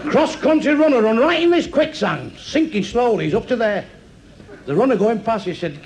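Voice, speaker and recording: Brash gravelly Mancunian comedian. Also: male voice, very high voice, sing-song, a little fast, darkish tone, a faint crowd. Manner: crude, brash joke-telling, chuckling at his own punchlines. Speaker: stand-up comedian. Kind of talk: stand-up comedy routine.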